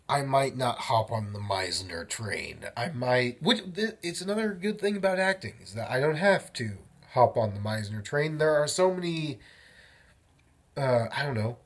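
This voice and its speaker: Young man, daily vlog, husky voice, rambling chatty storytelling, mid-pitched. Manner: rambling, animated storytelling with self-interruptions. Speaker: vlogger. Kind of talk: casual vlog monologue.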